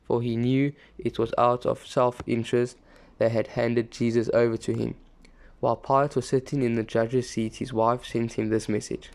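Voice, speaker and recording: A man reading a scripture passage aloud, steady and plain, with the odd small slip and restart. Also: medium pitch, moderate pace, creaky. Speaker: scripture reader.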